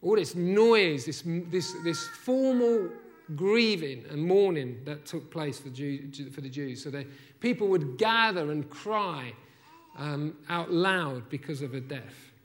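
A man preaching a sermon, emphatic, rising to loud repeated phrases and then dropping soft. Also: on the high side, unhurried. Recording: long hall reverb.

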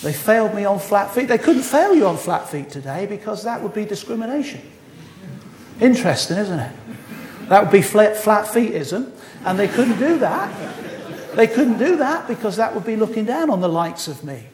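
High-voiced preacher, echoey hall. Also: male voice, sing-song, moderate pace, darkish tone, a little hiss or hum. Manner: earnest, wry asides with laughs. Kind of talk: sermon. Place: church hall.

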